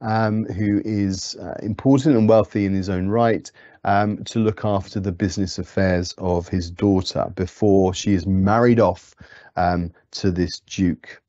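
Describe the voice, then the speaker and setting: A man's voice: low-pitched, fairly even intonation, a little slow, warm tone, dry recording, dull audio. A man teaching a poetry lesson, explaining patiently with frequent ums and restarts, in a British accent. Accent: British English. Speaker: English teacher. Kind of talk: lecture.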